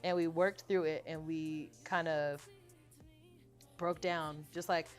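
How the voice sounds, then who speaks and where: A young woman with a slightly low voice chats casually in an interview about her songs. She tells stories in an animated way and laughs often. When she recites her lyrics, she goes quieter and softer. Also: slow, faint music behind. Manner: reads her lyrics aloud softly. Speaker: singer-songwriter guest.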